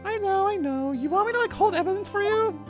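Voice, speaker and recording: Squeaky valley-girl teen sister. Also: lively intonation, quick pace, music in the background. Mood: teasing. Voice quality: valley-girl drawl, full of "like". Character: bubbly teenage girl, playful younger sister.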